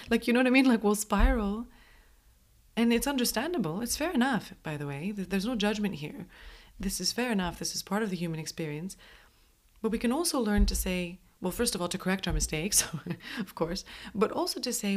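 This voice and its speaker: A woman's voice: mid-range voice, expressive, a little fast. A woman hosting a podcast, talking casually about mindfulness, laughing often and acting out inner voices, with many restarts. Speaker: podcast host.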